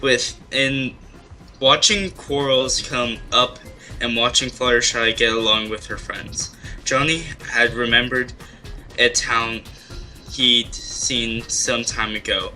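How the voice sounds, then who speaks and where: A man reading his role-play post aloud, halting and restarting as he goes. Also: medium pitch, little pitch movement, sharp tone, soft background music, poor audio.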